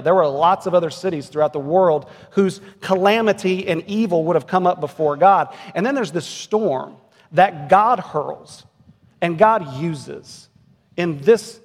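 A man in his forties preaching a sermon as pastor, earnest and building to emphatic peaks. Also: high voice. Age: 40s. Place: church sanctuary. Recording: long reverb of a church hall.

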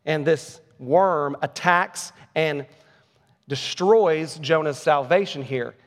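A pastor delivers a sermon in an earnest, emphatic way, leaning on rhetorical questions. His voice sits a little higher than most men's. Long reverb rings out behind him, as in a large hall. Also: slow pace.

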